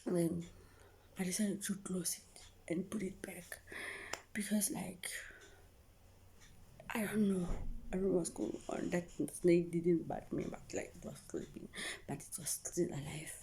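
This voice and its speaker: A woman's voice: lowish voice, steady tone, a little slow, mellow. A young woman telling an emotional story to her viewers, often dropping into a whisper and repeating herself. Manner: repetitive, keeps addressing viewers. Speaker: vlogger.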